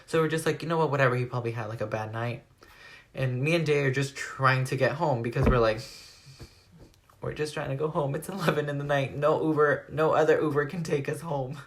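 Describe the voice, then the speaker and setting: A teenage guy recounting a story for his vlog. He rambles along, stacking "like" into almost every phrase as he retells events. His delivery is lively and storytelling-driven. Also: medium pitch, brisk. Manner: rambling, animated retelling full of "like". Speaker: vlogger.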